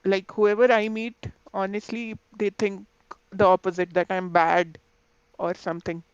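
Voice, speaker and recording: A high-pitched man with a soft, hesitant way of speaking, chatting casually on a podcast. His mic sounds dull and lo-fi, with a dry, close sound. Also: little pitch movement, measured pace, smooth, dry recording. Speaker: podcast co-host. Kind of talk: casual chat.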